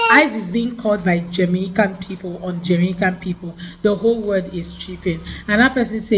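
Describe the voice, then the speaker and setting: Woman from Africa, measured chat. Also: medium pitch, lively intonation, low-quality recording. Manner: measured, often adds "okay?". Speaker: co-host. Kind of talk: casual commentary chat.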